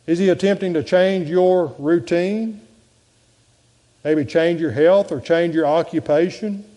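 A man preaching a sermon as pastor, swinging between loud and soft delivery. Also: on the high side. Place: church sanctuary. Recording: long church reverb.

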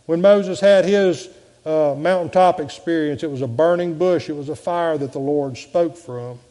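Pastor preaching, mellow kinda high voice, long echo of a church, goes loud then hushed. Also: male voice, moderate pace. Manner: dramatic swings between loud and soft delivery. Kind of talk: sermon. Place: church sanctuary.

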